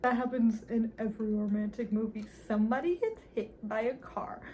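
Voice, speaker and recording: A woman's voice: fairly high pitch, steady tone, moderate pace, dark tone, a little hiss or hum. Giggly, sarcastic young woman recapping a film. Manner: sarcastic, giggly, playfully acting out characters' lines. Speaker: movie commentary YouTuber. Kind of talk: casual movie recap commentary.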